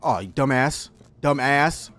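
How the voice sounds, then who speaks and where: A man giving excitable, profane let's-play commentary as he plays a game, yelping and shouting when startled. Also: mid-range voice, measured pace. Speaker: gaming video host.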